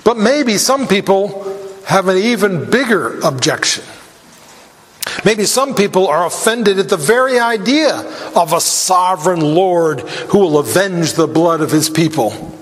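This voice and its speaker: A man preaching a sermon in a high, measured voice that takes its time over every phrase. He grows emphatic, and his voice lifts when he reads scripture aloud. The sound rings with a long hall reverb. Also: lively intonation. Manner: deliberate, emphatic with rising intensity on quoted scripture.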